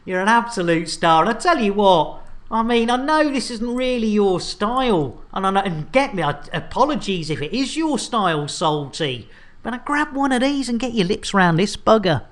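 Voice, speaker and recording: A woman chatting casually to her viewers on a live game stream, animated and chatty with lots of fillers. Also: medium pitch, moderate pace. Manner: animated, chatty, full of fillers and thank-yous.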